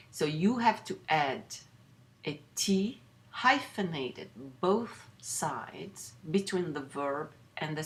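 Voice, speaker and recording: A middle-aged woman teaching a recorded French lesson, explaining patiently with many pauses and restarts. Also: low-pitched, fairly bright tone. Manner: explains slowly with frequent fillers and restarts. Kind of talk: recorded lecture overview.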